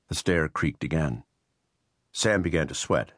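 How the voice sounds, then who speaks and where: A man narrating a historical novel for an audiobook in a measured, steady way. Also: rumbling low, dry recording, studio quality.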